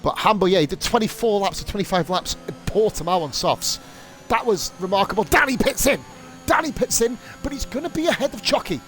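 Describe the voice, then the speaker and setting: A young man streaming live sim-racing commentary, excitable and rambling, swearing freely and going off on rants. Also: sits high, brisk, soft background music. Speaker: league streamer and race commentator.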